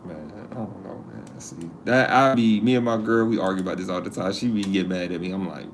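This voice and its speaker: Talking fairly quickly with few pauses, this livestream host has a fairly low voice. He's relaxed and jokey with his viewers, addressing chat and laughing at his own remarks, over a slight hiss or hum.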